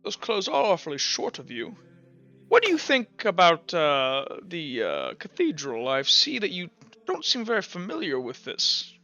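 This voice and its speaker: A man's voice: sits high, huge pitch swings, normal speed, bright, forceful tone, dull audio, exaggerated voice. A man voicing a pompous, stern older male priest in a tabletop game, haughty and scolding.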